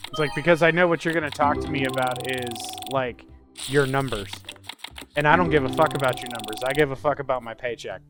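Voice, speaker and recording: Male gameplay host, casual sarcastic ranter who swears freely, average pitch, music bed underneath. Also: a little fast. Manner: profane, sarcastic, ranting. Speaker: let's play host. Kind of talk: casual gameplay commentary with ranting stories.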